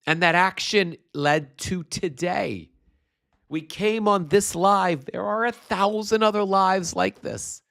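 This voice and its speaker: A man's voice: high-pitched, slow, gravelly, a bit bright. A man hosting a political livestream, speaking with impassioned, profane emphasis through a congested, drippy voice. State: congested with postnasal drip. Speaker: livestream host.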